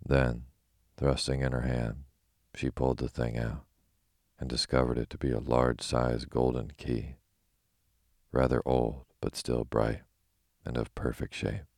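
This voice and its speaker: A man telling a bedtime story in a calm, slow, soothing manner. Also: rumbling low, dry recording, clean studio sound. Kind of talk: sleepy bedtime story reading.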